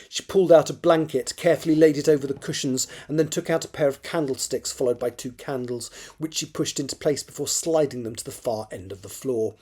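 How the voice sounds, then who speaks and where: A man with a mellow, slightly husky voice reads his own fiction aloud at his desk. He often stops to repeat and rework a phrase. Between passages he mutters quiet asides to himself. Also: a little high. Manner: halting, rereads and corrects phrases, mutters asides under his breath. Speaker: author.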